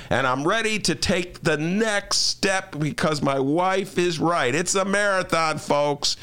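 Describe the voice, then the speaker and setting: A man's voice: sits high, slow pace, few pauses, bright, forceful tone, clear, resonant tone. An older man hosting a radio talk show, chatting casually in a joking, ranting way.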